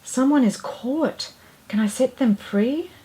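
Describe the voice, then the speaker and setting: Woman reading as a high, eager little girl mouse, kind and excitable; slow storybook delivery. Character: sweet little female mouse on holiday.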